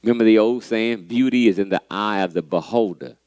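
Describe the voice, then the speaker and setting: A man hosting a motivational church pep talk, animated and preachy, often saying "man" and repeating key lines for emphasis, with a playfully sarcastic edge. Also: fairly low pitch, brisk, clean tone, no room sound.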